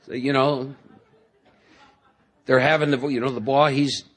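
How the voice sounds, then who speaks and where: A man's voice: medium pitch, steady tone, unhurried, husky. A man speaking as a guest at a recovery meeting, talking in a conversational, joking storytelling way and often checking in with the audience with "see?". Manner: jokey storytelling, acts out inner voices. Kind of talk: speaker talk to a live audience.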